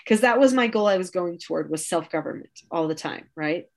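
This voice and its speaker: A woman's voice: fairly low pitch, lively intonation, brisk, gravelly. A middle-aged woman, a podcast host, telling parenting stories in an earnest, reflective and candid casual chat. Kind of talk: casual conversational storytelling.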